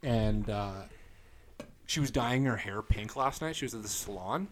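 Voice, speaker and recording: A man's voice: on the low side, a little slow, slight background noise. A young man co-hosting a podcast, telling a crude dating story in casual banter, acting out both sides of a text chat and swearing often. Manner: animated storytelling, swears a lot, acts out text exchanges. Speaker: podcast co-host.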